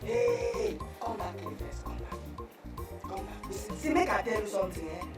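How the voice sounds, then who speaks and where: A woman's voice: mid-range voice, moderate pace, natural voice. An actress playing a nosy neighbor woman who taunts in Nigerian Pidgin with a brash, mocking manner. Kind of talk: film drama acting. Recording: roomy sound from far off, with music.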